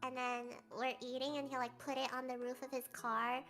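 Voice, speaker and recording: Young woman streamer, super high bright voice, animated storytelling, faint music underneath. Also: a little fast. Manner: animated storyteller who imitates others. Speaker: streamer host. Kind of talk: casual chat.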